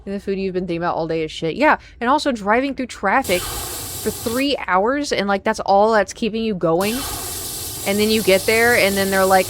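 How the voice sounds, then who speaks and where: A young woman streams a game and chats casually, telling stories and acting out quoted lines with lots of energy. Her voice is medium-pitched and fairly quick, and there's a slight hiss or hum in the recording.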